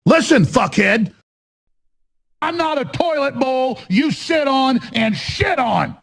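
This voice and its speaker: An actor voicing a raging, unhinged game character who rants and swings from muttering to shouting. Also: sits high, expressive, slow, vocal fry, full character voice.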